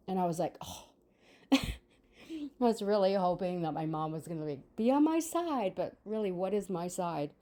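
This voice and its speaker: A woman's voice: on the low side, expressive, moderate pace, warm tone. A woman in her sixties telling a personal story in a chatty, rambling way with many fillers. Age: 60s. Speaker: vlogger. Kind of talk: casual storytelling monologue.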